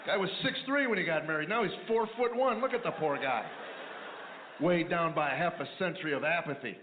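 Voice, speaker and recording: A man's voice: on the high side, brisk, echoey room. A man doing a stand-up routine, telling wry, sarcastic stories about married life. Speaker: stand-up comedian. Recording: tinny phone-like line with noise.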